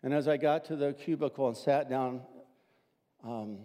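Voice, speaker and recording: An older man, a pastor, telling a personal story in a sermon, animated and acting out the voices he quotes. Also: mid-range voice, moderate pace, big-room sound, highs cut off.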